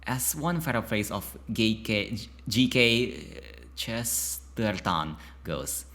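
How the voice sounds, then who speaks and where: A man's voice: lowish voice, lively intonation, slow, a bit bright. A man reading a narrative game's text aloud, often stumbling over words and breaking off into chatty asides to himself. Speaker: YouTuber playing a narrative game.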